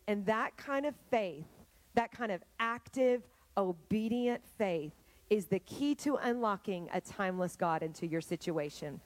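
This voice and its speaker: A woman preaching a sermon, telling Bible stories in an animated way and speaking straight to the congregation. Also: mid-range voice, moderate pace, no room sound, poor audio. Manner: animated storytelling, addressing the congregation directly.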